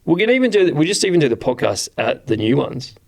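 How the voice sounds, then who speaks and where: Gravelly, animated Australian man telling stories. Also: on the high side, fast. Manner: swearing, animated storyteller who acts out voices. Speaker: podcast host. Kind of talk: casual chat.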